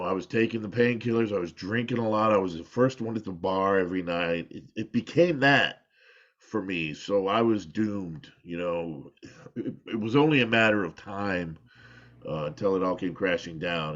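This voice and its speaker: A middle-aged man, a former pro wrestler, telling rambling, candid stories in an interview and laughing at himself. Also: low-pitched. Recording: dull lo-fi audio.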